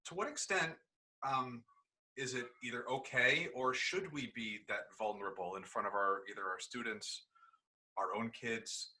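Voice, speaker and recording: Bright-voiced man, distant from the mic. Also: mid-range voice, unhurried. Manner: earnest, thinking aloud. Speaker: educator and father. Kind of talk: casual video-call chat.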